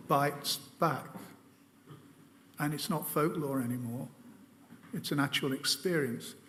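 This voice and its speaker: A man's voice: fairly high pitch, in a large hall. A man giving an illustrated presentation to an audience. He tells wry anecdotes and often hesitates with fillers. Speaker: lecturer.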